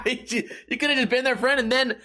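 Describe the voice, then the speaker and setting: A man's voice: very high voice, normal speed, bright, forceful tone. A man talking alone in a casual, rambling monologue, swearing freely and mimicking other people in mocking voices.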